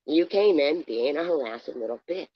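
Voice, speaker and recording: A low-pitched woman tears into a caller on her livestream, swearing and mocking. Her voice comes through dull and lo-fi, in a dry space with no room sound. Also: expressive, moderate pace, slightly rough, dry recording. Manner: cursing, combative, mocking. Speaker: livestream host. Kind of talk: heated livestream argument.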